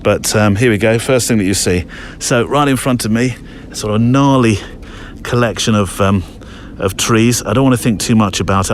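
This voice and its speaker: A man's voice: lowish voice, a little hiss or hum. A middle-aged man hosting a podcast alone, talking casually and rambling with frequent restarts while out on a walk among trees. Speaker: podcast host. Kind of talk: casual solo podcast monologue.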